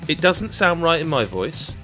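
A man's voice: on the high side, very animated, normal speed, pushed and bright, soft background music. A man hosting a games podcast, chatting casually and joking with his co-hosts. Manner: playful, jokey. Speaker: podcast host. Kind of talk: casual chat.

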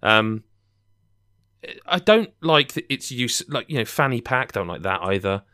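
A man's voice: medium pitch, expressive, unhurried, pushed and bright, smooth, no echo, clean studio sound. A young English man co-hosting a podcast, chatting casually and rambling with jokey asides. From England. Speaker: podcast co-host.

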